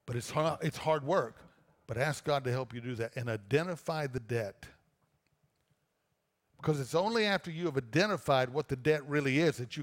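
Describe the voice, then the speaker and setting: Conversational preacher in a reverberant church. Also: male voice, medium pitch. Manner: conversational preaching with repeated restarts. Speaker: pastor. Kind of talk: sermon. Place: church auditorium. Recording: long reverb of a church auditorium.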